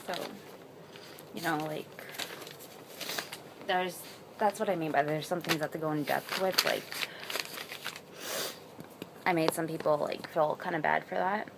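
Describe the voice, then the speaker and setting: Low-voiced young woman vlogging, noisy recording. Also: unhurried, gravelly, pauses often. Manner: rambling, heavy use of "like". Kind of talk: personal confessional vlog.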